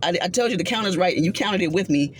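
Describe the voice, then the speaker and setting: A woman who works as a psychiatric technician, casually telling a story from her job in a rambling, animated way, with plenty of fillers and acted-out dialogue. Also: lowish voice, fast talker, slight background noise. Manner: acts out others' words in reported dialogue.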